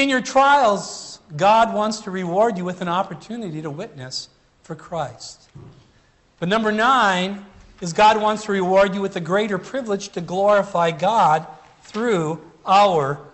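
A man delivers a sermon with a notably high-pitched voice. He preaches earnestly and emphatically, stretching out key phrases to drive them home. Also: slow, a bit bright.

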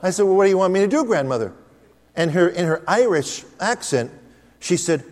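A man preaches with a lively, swooping delivery and a slightly higher voice than most men. He tells stories with emphasis and calls for amens. His voice rings with the long reverb of a church hall. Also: brisk. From United States. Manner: emphatic, storytelling, calls out Amen. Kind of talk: sermon.

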